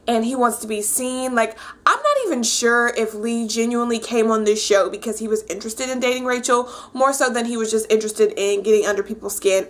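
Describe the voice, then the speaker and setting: A young woman casually recapping a reality dating show for her viewers, chatty and animated, with lots of fillers. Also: fairly high pitch. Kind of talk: casual chat.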